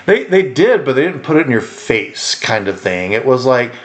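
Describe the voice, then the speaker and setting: A man's voice: medium pitch, moderate pace. A man co-hosting a podcast in casual chat, rambling and acting out quotes. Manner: rambling, animated, acts out quotes. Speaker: podcast co-host.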